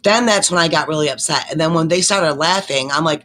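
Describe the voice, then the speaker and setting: A woman's voice: on the low side, brisk, a bit bright. A woman in her sixties, a nurse and panelist, rambling through an emotional explanation in casual chat.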